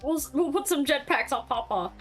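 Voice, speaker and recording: Easygoing higher-voiced woman. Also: expressive, brisk, faint music behind. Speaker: player. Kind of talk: casual chat.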